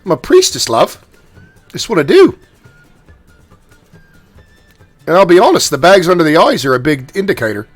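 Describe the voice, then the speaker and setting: A woman's voice: fairly low pitch, big pitch swings, fast talker, soft background music, voice pushed up. A man playing a doting old halfling priestess. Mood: teasing. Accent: put-on Irish drifting into Jamaican. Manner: doting, calls people dearie and love. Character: tiny rotund elderly halfling priestess, motherly.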